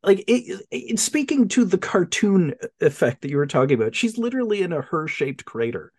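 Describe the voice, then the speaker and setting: A man's voice: high-pitched, very animated, fairly quick, darkish tone, breathy edge, no echo. A man in casual movie-review chat, laughing often and dropping the odd swear. His voice swings up and down with a lot of life. The sound is dry and close, with no room in it. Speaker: podcast co-host.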